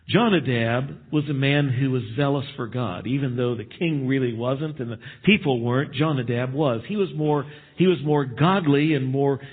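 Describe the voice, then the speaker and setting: A man with a somewhat high, husky voice delivers an expository sermon, reading verses aloud and then unpacking them. The recording is thin and phone-like, squeezed into a narrow band. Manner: expository preaching, reading scripture aloud with emphasis. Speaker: pastor.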